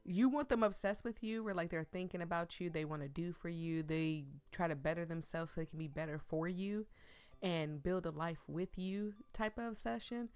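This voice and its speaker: A woman's voice: on the low side, normal speed, darkish tone, smooth, no room sound, soft background music. A woman giving chatty, ranting commentary while playing a visual novel. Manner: chatty and ranting, talks back to herself. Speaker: let's play streamer. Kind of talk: casual let's play commentary.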